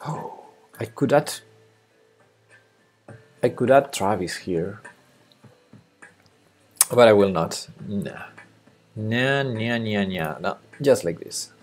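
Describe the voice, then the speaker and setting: A man's voice: on the low side, lively intonation, takes it slowly, pauses often, faint music behind. A man with a Spanish accent, thinking aloud and chatting with viewers during a late-night coding live stream. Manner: thinking aloud, muttering to himself, answering chat. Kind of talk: casual live-stream chat while coding.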